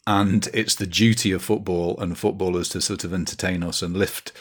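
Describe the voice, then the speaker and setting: A man with a low, deep voice hosts a casual football podcast. He talks in a rambling way, hesitating often and restarting his sentences. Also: fairly even intonation, moderate pace. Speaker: podcast host.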